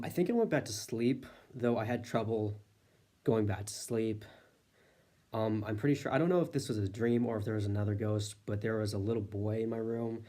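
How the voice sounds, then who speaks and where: A man's voice: on the low side, mellow. A man casually telling a personal ghost story, rambling with lots of filler words and an easy, matter-of-fact manner. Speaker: storyteller host.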